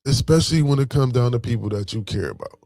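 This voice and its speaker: Speaking quickly and with animation, this male vlogger from Buffalo, New York has a warm, medium-pitched voice and a thick Buffalo accent. He delivers a laid-back pep talk full of slang and repeated "you know what I'm saying." The sound is clean studio audio with no echo.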